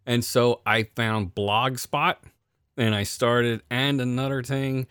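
A man telling a profane story in casual chat, animated, his voice swinging between loud outbursts and quiet asides. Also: medium pitch, slow pace, clean tone, no room sound, studio quality.

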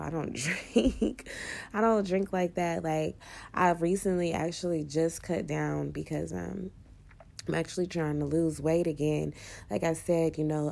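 Low gravelly-voiced woman vlogging. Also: darkish tone. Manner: profane, chatty, laughing often. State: hungover. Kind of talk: casual vlog chat.

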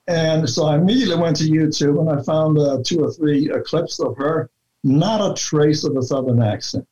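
A man talking through his research in a relaxed interview, deliberate and full of fillers and restarts. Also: a little high. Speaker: researcher guest. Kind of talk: conversational interview talk. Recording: dull lo-fi sound.

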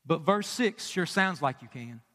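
A man in his thirties preaching a sermon as pastor, emphatic and questioning, often dropping to a hush for emphasis. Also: fairly high pitch, lively intonation, unhurried. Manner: emphatic, asks the congregation questions, drops to quiet for emphasis. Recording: long reverb of a large hall.

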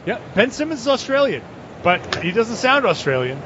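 A man co-hosting a casual sports podcast, animated as he reads listener tweets aloud. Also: sits high, normal speed. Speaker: podcast co-host. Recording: muffled lo-fi audio with clear background noise.

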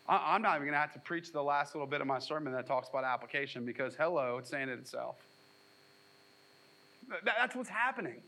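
Bright, high-voiced joking preacher man. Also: lively intonation, brisk, low-quality recording. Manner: jokey, conversational preaching with sarcastic acted quotes. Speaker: pastor. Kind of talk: sermon.

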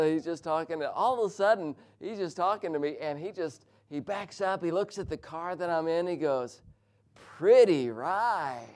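A middle-aged man preaching a sermon, praying and then telling a humorous personal story with lively, animated delivery. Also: a little high.

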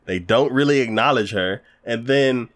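In a casual chat, a man reviews an anime in a rambling, hesitant way, packing in lots of fillers and laughing often. His voice is mid-range and a bit bright, and he talks at normal speed.

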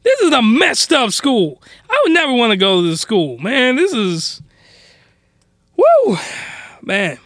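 A man ranting in an exasperated, animated way while recapping an anime episode. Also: very high-pitched, moderate pace, few pauses, dry recording, studio quality.

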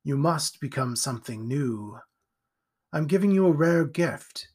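A man voicing an ancient, sly male creature who speaks with slow, soft, coaxing menace. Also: fairly high pitch, lively intonation, breathy edge. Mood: menacing.

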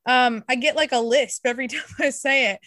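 High-voiced playful woman co-host. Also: a little fast, a bit bright, dry recording, studio quality. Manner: playful, giggly. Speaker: podcast co-host. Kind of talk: casual podcast chat.

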